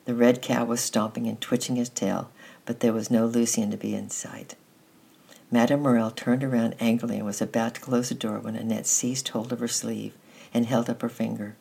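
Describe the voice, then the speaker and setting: A storyteller reading a children's story aloud at a steady pace, sometimes restarting a phrase. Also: medium pitch, moderate pace, vocal fry, slightly rough. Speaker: narrator. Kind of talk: storybook narration.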